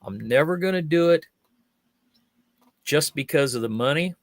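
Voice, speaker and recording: In a dry recording, an older man with a higher-than-average voice speaks at normal speed, appearing on a chat show as a magician and fire eater. He tells his anecdotes vividly, acting out the people he quotes.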